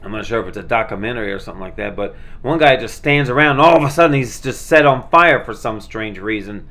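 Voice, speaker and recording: Pitched fairly low, a man talks quickly in an animated, sharp tone while rambling through his movie collection for a vlog. Despite that, he's laid-back, full of fillers and restarts.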